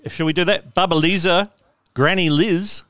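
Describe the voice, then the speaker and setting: A man's voice: high-pitched, normal speed, a bit bright, no echo, clean studio sound. A man hosting a podcast, chatting casually in a playful, teasing, self-mocking way. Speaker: podcast host. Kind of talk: casual comedic chat.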